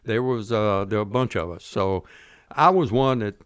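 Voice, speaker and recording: A man's voice: lowish voice, normal speed, smooth, no room sound, studio quality. An older man telling his war story in a folksy, plainspoken interview manner. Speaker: guest veteran.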